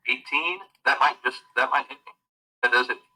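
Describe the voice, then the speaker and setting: Bright-voiced man playing a tabletop game. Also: medium pitch, a little fast, rough recording. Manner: asks careful clarifying questions. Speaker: player. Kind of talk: casual tabletop game talk.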